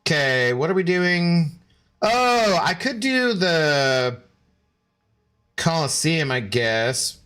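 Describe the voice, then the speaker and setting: A man's voice: on the high side, sing-song, slow pace, a bit bright, smooth. A man in his thirties chatting casually while streaming a game, rambling with many fillers and restarts. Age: 30s. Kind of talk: casual live-stream chat while gaming.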